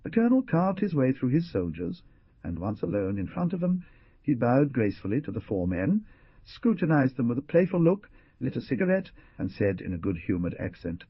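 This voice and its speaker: A man's voice: lowish voice, sing-song, moderate pace, slightly rough, no echo, dull audio. A man narrating an adventure audiobook with dramatic rises and falls. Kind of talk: scripted narration.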